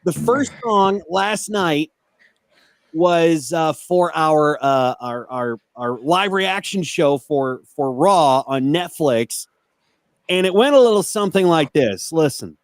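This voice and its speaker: Laughing wrestling podcast host. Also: male voice, a little high, expressive, slow pace, no echo. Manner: laughs often, stammers on restarts. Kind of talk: casual chat and news reading.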